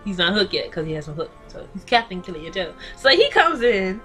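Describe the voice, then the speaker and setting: Woman, mid pitch, casual profane TV recapper; sassy and blunt, light music bed under her. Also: very animated, a little fast. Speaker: TV recap reviewer. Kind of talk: casual episode recap and rant.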